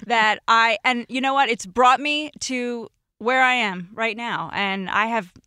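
A middle-aged woman recounts her stories in a relaxed chat, acting out what people said with lively energy. Her voice is bright and sits a little high. The sound is dry and close. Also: measured pace, clean tone, no room sound. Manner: animated, acts out quotes. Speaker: guest. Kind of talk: casual storytelling chat.

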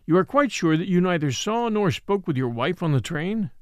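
A man's voice: high-pitched, animated, normal speed, no echo, clean studio sound. A man doing a pompous French magistrate. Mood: formal. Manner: formal, polite but severe. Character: pompous middle-aged male French magistrate. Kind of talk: audiobook character reading.

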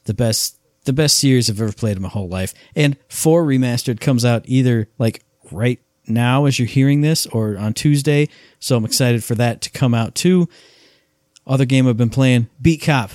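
A podcast co-host with a medium-pitched voice at normal speed tells stories in casual chat, enthusiastic, rambling and animated. The audio is clean studio sound with no room echo.

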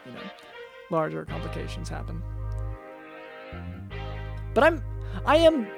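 Gravelly, hesitant man on a comedy podcast. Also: a little high, big pitch swings, measured pace, over loud music. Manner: hesitant, rambling, full of restarts. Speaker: podcast co-host playing a doctor. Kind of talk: improvised comedy podcast banter.

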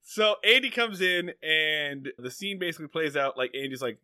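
A man co-hosting a podcast, chatting casually and profanely, retelling scenes with quick mock voices. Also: fairly high pitch, animated, bright, forceful tone, no echo, clean studio sound. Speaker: podcast co-host. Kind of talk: casual comedic chat.

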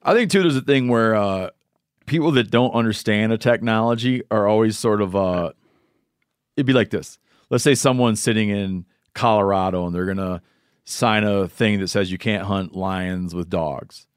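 A man's voice: fairly low pitch, moderate pace, clean tone, no room sound, studio quality. A man hosting a podcast, talking casually and thinking aloud, often circling back to rephrase. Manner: rambling, thinks aloud with self-corrections. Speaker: podcast host. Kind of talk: casual chat.

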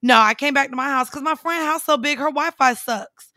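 A woman's voice: sits high, brisk, sharp tone, dry recording, studio quality. A woman co-hosting a casual chat podcast from her house, blunt, teasing and profane. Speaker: podcast co-host.

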